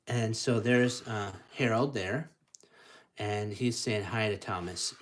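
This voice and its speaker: A man's voice: fairly low pitch, unhurried. A man reading a picture book aloud to children in an encouraging way, making train sounds and dropping to whispers. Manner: encouraging, lively, drops to whispers and chugging sounds. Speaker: storytime reader.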